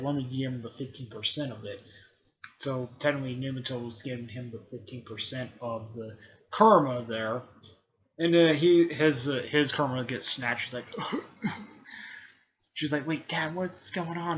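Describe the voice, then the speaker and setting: A man talking through a story recap in a loose, rambling, offhand way, at an ordinary middle pitch. His phrasing wanders and keeps circling back with filler. The recording sounds dull and muffled. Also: normal speed, fairly bright tone. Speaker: video creator recapping a fan story. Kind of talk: casual plot recap.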